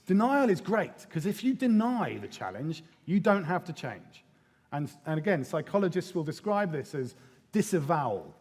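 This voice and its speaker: Guy giving a conference talk, fairly high voice, lively and a bit sweary, big hall echo. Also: normal speed. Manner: lively and irreverent, with casual swearing and acted quotes. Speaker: conference speaker. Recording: long hall reverb.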